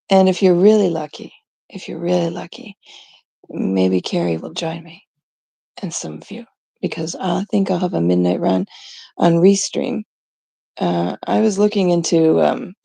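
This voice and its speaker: A woman's voice: fairly low pitch, vocal fry, warm tone, no room sound. A woman from Canada chatting casually on a live stream, rambling and giggling through mock-exasperated stories.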